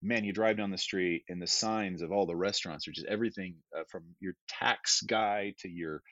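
A low-voiced man talks in a loose, rambling way, full of fillers and restarts, as a guest on a podcast. The audio is dry and a little dull, with the slightly lo-fi sound of a remote call. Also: normal speed, a bit bright, no room sound. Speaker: guest theologian. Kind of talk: casual podcast conversation.

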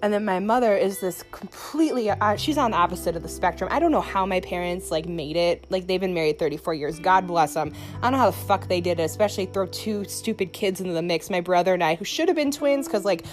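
A young woman hosting a solo podcast into her phone, rambling, profane and sarcastic, with sudden jumps in pitch. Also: quick pace, few pauses, faint music behind. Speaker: podcast host.

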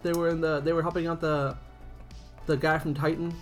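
A man's voice: fairly high pitch, level tone, fairly quick, soft background music. A man co-hosting a casual comic book review podcast, wisecracking and swearing freely. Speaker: podcast co-host.

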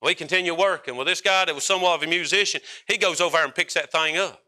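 A man preaching a sermon in a folksy, emphatic way, rising to loud peaks and dropping to quiet stretches. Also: a little high, fast.

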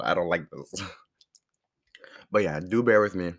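A man hosting his own podcast in a rambling, casual way, hoarse from a sore throat and pausing now and then to chew. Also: deep voice. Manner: rambling, chatty, pauses to chew food. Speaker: podcast host. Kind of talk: casual solo podcast chat.

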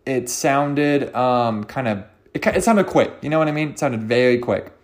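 A man rambling through a solo comedy podcast with a medium-pitched voice. He swears freely and keeps cutting himself off mid-thought. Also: moderate pace. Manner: profane, rambling, self-interrupting.

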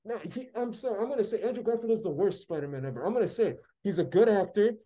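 Ranting high-voiced man with a dark tone. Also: animated, fast talker. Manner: heated, sarcastic ranting. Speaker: podcast co-host. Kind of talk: casual podcast chat.

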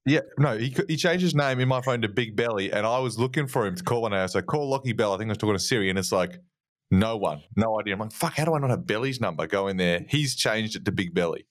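Australian man, podcast co-host, low voice, dry sound, rambling, teasing. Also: quick pace, dry recording. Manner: rambling, ribbing storyteller. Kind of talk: casual podcast banter.

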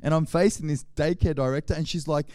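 Animated Australian man telling stories. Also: on the high side, fast, no room sound, studio quality. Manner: animated, acts out scenes with sound effects. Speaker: pastor. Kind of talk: humorous sermon storytelling.

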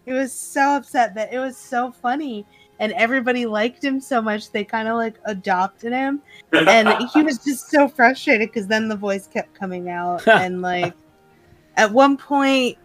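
Slow-talking woman telling game stories. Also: fairly high pitch, faint music behind. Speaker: game master. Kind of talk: casual panel chat.

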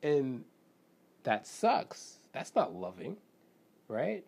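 Extremely slow and sing-song, a Canadian man's mid-range voice carries vocal fry and a darkish, slightly rough tone. Hosting his own self-help podcast solo, he rambles casually with many fillers, frequent "right?", questions to himself, and little acted-out quotes from friends.

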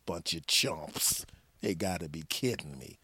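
A man's voice: sits low, lively intonation, unhurried, sharp tone, slightly rough, no room sound. A middle-aged man hosting a comedy podcast, ranting in a mock-arrogant, profane, sarcastic way. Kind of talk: comedic rant sketch.

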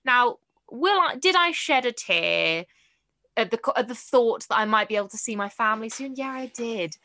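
A woman's voice: a little high, expressive, moderate pace, pushed and bright. A young woman co-hosting a podcast, chatting casually with many fillers. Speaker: podcast co-host. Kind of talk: casual chat.

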